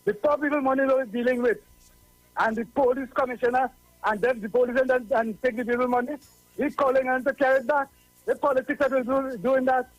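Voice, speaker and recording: A man's voice: extremely high pitch, fairly even intonation, a little fast, no room sound, faint music behind. A man with a Trinidadian accent calling in to a radio show, preachy and repeating himself for emphasis. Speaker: radio caller. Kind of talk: call-in radio talk. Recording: dull lo-fi call-in line.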